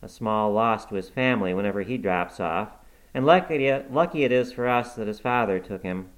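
A man reading aloud, voicing a stern, blunt middle-aged housekeeper who scolds briskly. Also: fairly low pitch, animated, close to an everyday voice, rough recording. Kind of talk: audiobook reading.

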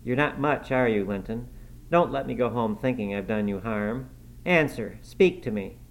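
A man's voice: medium pitch, expressive, normal speed, a little hiss or hum, lightly acted. A man voicing a proud, headstrong young girl who speaks earnestly and pertly. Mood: pleading. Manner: earnest, pert.

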